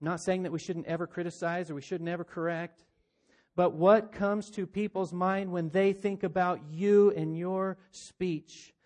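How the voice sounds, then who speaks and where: A man delivers a sermon in a high, light voice. He preaches earnestly, asking his listeners rhetorical questions and slipping into the voices of imagined people. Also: steady tone, a little slow, darkish tone. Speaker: pastor.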